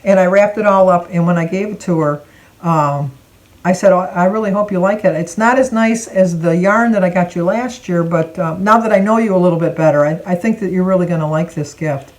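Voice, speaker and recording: A woman's voice: on the low side, brisk, poor audio. Older woman telling a family story. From Michigan. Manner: animated, acts out quoted voices. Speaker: vlogger. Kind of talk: casual storytelling.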